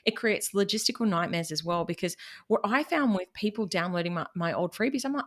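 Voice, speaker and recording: A woman's voice: medium pitch, brisk. A woman with a Queensland Australian accent, a guest chatting candidly and animatedly about her business, laughing at herself. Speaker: guest, marketing business owner. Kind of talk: casual interview chat.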